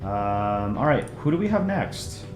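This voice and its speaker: A man's voice: on the low side, a little slow, echoey room, over music. Laid-back man streaming comic reviews. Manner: relaxed, self-deprecating, lots of ums and restarts. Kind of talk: casual live-stream commentary.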